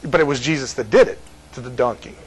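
A man's voice: mid-range voice, fast, low-quality recording. A man from California giving informal Bible teaching to a small group, joking and laughing often between his points.

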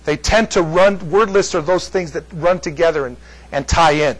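A man's voice: a little high, normal speed, rough recording. A man teaching a Bible study class in a casual, chatty way, joking with the students between points. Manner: chatty, jokey asides to the class.

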